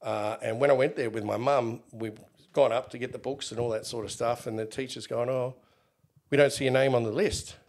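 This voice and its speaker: Australian man, middle-aged, interview guest, animated storyteller, casual chat. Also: mid-range voice, fairly quick. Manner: animated, acts out quoted exchanges. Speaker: interview guest, former bodyguard.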